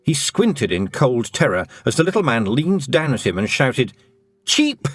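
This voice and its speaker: A man narrating an audiobook in an expressive storytelling manner. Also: medium pitch, normal speed, husky, dry recording.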